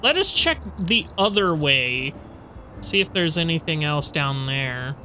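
Unhurried, bright-voiced, foul-mouthed gamer talking over play. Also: medium pitch, big pitch swings, faint music behind. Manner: chatty, swears freely, with loud frustrated outbursts. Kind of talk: casual gameplay commentary.

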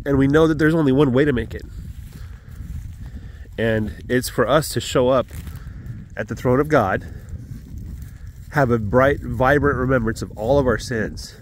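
A man vlogging from his farm, sharing a casual Sunday morning message in an earnest, reflective way with fillers and pauses. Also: mid-range voice, slight background noise. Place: outdoors on a farm.

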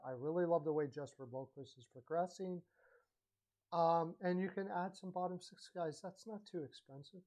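A man talks hockey on his own in a casual, rambling monologue, voice sitting a little higher than most men's. He is blunt and opinionated and often stops to correct himself mid-sentence. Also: a little mellow. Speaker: hockey commentary vlogger.

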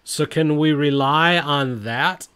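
A man's voice: fairly high pitch, slow, sharp tone, clean tone. Blunt, exasperated man commenting on news. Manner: blunt, exasperated, reads quotes aloud. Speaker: commentary channel host. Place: at home.

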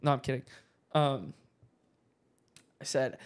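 A young man co-hosting a podcast, telling stories in a slangy, joking, animated way. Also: a little high, a little slow. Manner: animated storytelling, slangy, jokey. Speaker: podcast co-host. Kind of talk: casual chat.

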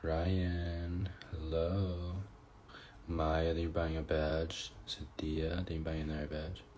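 Man, very low voice, casual livestream chat, tired, reading comments aloud. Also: completely flat delivery, slow, background noise. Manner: reads out fan comments and thanks viewers. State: tired, yawning. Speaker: livestream host.

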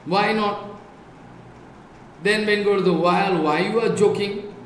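A man's voice: high-pitched, fairly even intonation, a little slow, a bit bright. A man with an Indian English accent giving a devotional lecture, repeating his points emphatically and reciting Sanskrit verses. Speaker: spiritual teacher. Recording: echoey room, faint background noise.

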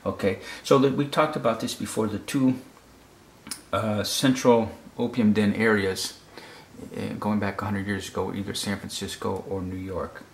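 A man's voice: fairly low pitch, steady tone, normal speed, vocal fry. A man from the United States explaining a fashion photo casually, often repeating words and checking in with "okay?". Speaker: photography critic. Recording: roomy echo.

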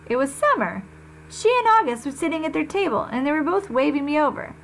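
A woman reading a first-person novel aloud, conversational and expressive, with small slips. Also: sits high, slight background noise, poor audio. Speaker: reader.

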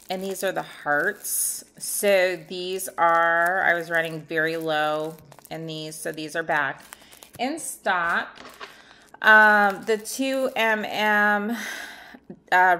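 Slow, bright-voiced woman showing her shop stock. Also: fairly low pitch. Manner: rambling and chatty, with many ums. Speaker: online nail art shop owner. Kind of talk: casual product showcase vlog.

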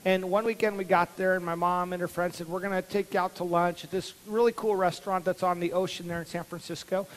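High-voiced animated pastor telling a story. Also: male voice, fast talker, long reverb tail, low-quality recording. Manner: animated, acts out childhood voices. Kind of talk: storytelling sermon. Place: church sanctuary.

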